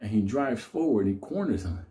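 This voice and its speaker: Animated, laughing man telling a story. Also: fairly low pitch, fast talker. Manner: animated, profane, laughing often. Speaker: host. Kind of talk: casual storytelling.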